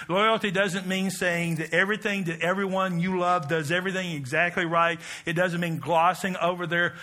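Male pastor, middle-aged, high and very bright tone, animated self-deprecating sermon delivery. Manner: animated storytelling, self-mocking, rising to loud exclamations.

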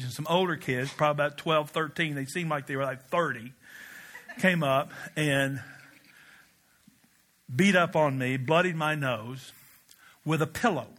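A middle-aged male pastor from Kentucky, preaching a sermon with animated storytelling. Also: a little high, normal speed, long pauses. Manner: animated storytelling with laughs and shouted quotes.

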